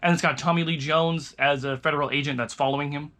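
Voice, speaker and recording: A young man who reviews movies on his vlog chats casually to camera, rambling loosely and restarting his sentences. His voice is bright, forward, and a little high for a man, steady in tone, and he talks fast.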